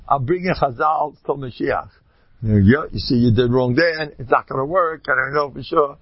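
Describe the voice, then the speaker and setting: A gravelly, husky-voiced man delivering an informal religious talk. He tells stories with wide swings in pitch, jumping high for emphasis and dropping in self-deprecating jokes. The recording is dull and lo-fi. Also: moderate pace, no room sound. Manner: animated storytelling, jumps high in pitch for emphasis; joking, self-deprecating asides. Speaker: speaker giving a religious talk.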